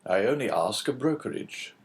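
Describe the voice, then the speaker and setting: Brief: man playing a cool, measured English agent in a storybook reading, lively intonation. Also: mid-range voice, close to an everyday voice. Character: calm, phlegmatic English businessman.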